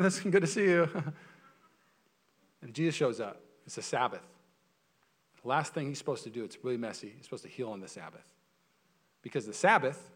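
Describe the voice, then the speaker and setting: A young adult man preaching a sermon as pastor, energetic and conversational, often repeating words as he gets going. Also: mid-range voice.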